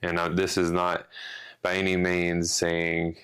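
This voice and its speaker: A man's voice: deep voice, monotone, takes it slowly, a bit bright, clear, resonant tone. A man co-hosting a casual podcast, rambling through a rant with restarts and some swearing. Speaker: podcast co-host.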